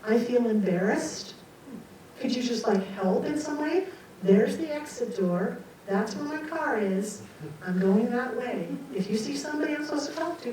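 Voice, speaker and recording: A woman speaker telling a personal story to a group, animated and self-mocking, acting out the people in it. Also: medium pitch. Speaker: guest speaker. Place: lecture room. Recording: echoey hall from far off, faint noise.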